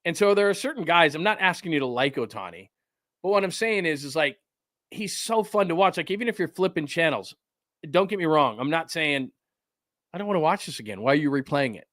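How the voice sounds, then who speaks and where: A man's voice: a little high, animated, a little fast, a bit bright, no room sound, studio quality. A middle-aged man hosting a casual live sports show from home, rambling and reacting to a game as he watches it.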